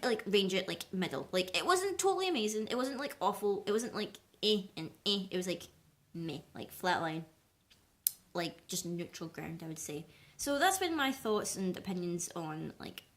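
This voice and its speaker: A woman's voice: mid-range voice, fairly bright tone. A woman giving a casual film review vlog, rambling and peppering her talk with "like" and "or whatever". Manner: chatty, rambling, heavy use of "like" and "or whatever".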